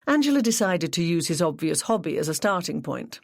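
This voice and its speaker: Audiobook narrator, measured and even, mid pitch, dry close mic. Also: vocal fry, dry recording. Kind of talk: scripted narration.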